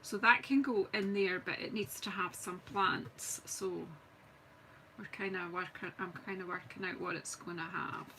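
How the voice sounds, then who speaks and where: A woman's voice: on the low side, fairly even intonation, unhurried, bright, forceful tone, slight background noise, poor audio. A middle-aged Scottish woman chatting casually as she demonstrates card making on a live stream, talking to viewers while she works and teasing herself. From Scotland. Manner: chatty, self-mocking, talks while working. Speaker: craft demonstrator. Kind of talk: live-streamed crafting chat.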